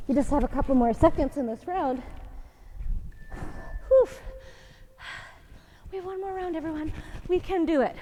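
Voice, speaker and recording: A woman's voice: sits high, mellow, long reverb tail, a little hiss or hum. A woman fitness instructor coaching a home workout, encouraging and counting reps aloud while out of breath. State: out of breath, winded.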